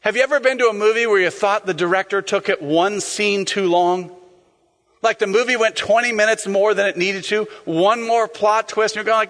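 A man preaching a sermon as a pastor, animated, acting out scenes and sometimes shouting. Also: high-pitched, moderate pace, long reverb tail.

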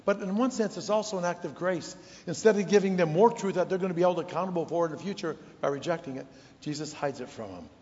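A man preaching a sermon as pastor, firing off rhetorical questions and dropping to a hush to drive points home. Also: on the high side, fast. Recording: dull, echoey hall sound.

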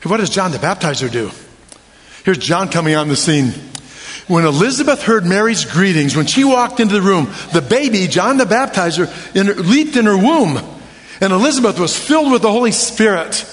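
A man's voice: high-pitched, lively intonation, moderate pace. A man preaching a sermon with humor and many rhetorical questions, drawing the crowd in. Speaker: pastor. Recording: long hall reverb.

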